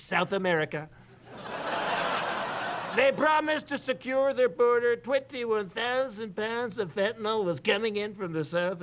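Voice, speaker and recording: Brief: a bragging, whiny president in a TV sketch; high voice with a gravelly edge. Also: male voice, a bit bright. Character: boastful, rambling impression of a male US president. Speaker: comedian doing a presidential impression. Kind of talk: televised comedy sketch.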